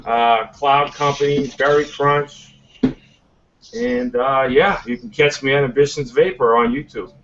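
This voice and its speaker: A man's voice: medium pitch, steady tone, a little slow. A man with a Boston accent, a guest reviewer in casual podcast chat, easygoing and full of fillers. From Boston, USA. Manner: easygoing, hesitant with many fillers, swears casually. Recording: muffled lo-fi with faint hiss.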